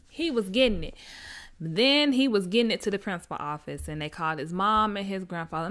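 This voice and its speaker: A young woman chatting casually through a TV episode recap, animated and acting out the characters' lines as she goes. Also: mid-range voice, a little fast. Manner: animated storyteller who acts out character lines. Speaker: TV recap vlogger.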